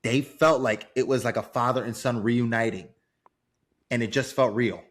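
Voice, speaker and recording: A man as a guest on a casual movie podcast, gushing and enthusiastic, halting with feeling. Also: medium pitch, steady tone.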